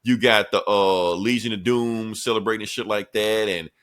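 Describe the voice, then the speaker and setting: Guy with a lowish voice running through a comic plot, swears a lot, laughs along, laid back podcast vibe. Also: fairly even intonation, normal speed, a bit bright. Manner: loose, profane storytelling with frequent laughs. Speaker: podcast co-host. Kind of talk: casual comic book recap.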